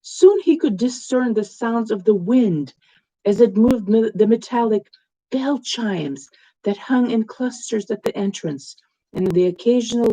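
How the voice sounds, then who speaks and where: Slow, measured woman reading a tale. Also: mid-range voice, mellow, poor audio. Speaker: author reading her own fiction. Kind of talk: storybook narration.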